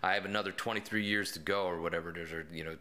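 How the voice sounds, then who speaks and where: A male police officer telling stories in a relaxed chat, looping through fillers as he talks. His voice sits low but has a bright, forceful edge. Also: racing. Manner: rambling, full of "like" and "you know". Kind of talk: casual storytelling in a podcast chat.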